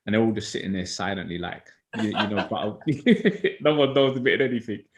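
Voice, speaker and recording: A man, a teacher co-hosting a Bible study discussion, telling stories in a casual, animated way. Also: on the low side, a little fast, background noise. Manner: animated storytelling, acts out others' words.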